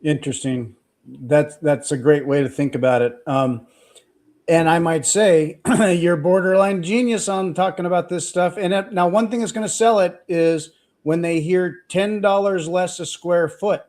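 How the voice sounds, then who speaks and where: A man hosting a podcast, his voice a touch on the high side, answering his guest in a relaxed, conversational way. He sounds affirming and easygoing. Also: a little slow. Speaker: podcast host. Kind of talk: casual interview talk.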